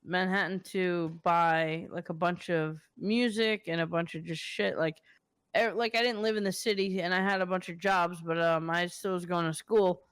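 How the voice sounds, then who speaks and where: A man's voice: high-pitched, steady tone, normal speed, fairly bright tone, clear, resonant tone, no room sound. A young man from the New York area hosting a podcast, telling stories in a loose, profane way full of fillers. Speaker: podcast host. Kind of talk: casual podcast chat.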